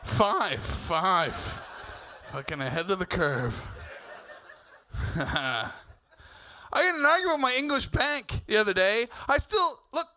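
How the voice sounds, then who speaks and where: A man's voice: high-pitched, lively intonation, a little slow, long pauses, bright, forceful tone. A man from Canada doing a live stand-up set in a comedy club, swearing freely and telling stories with exasperation. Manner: profane, exasperated storytelling.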